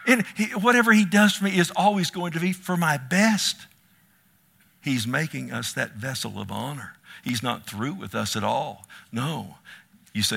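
A man's voice: medium pitch, lively intonation, normal speed, creaky, pushed and bright, breathy edge. A man preaching a sermon in a church, reading scripture, calling for amens and breaking into joking asides. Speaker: pastor.

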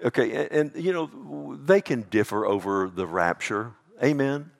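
A male pastor delivering a sermon, swinging between loud emphatic bursts and hushed intensity and calling out to the congregation. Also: mid-range voice, animated, normal speed, creaky. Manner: calls out "Amen?" to the congregation.

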